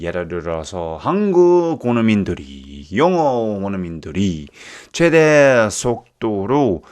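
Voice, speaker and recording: A man with an Australian accent teaching an English lesson, speaking slowly and clearly and slipping into Korean translations. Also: medium pitch.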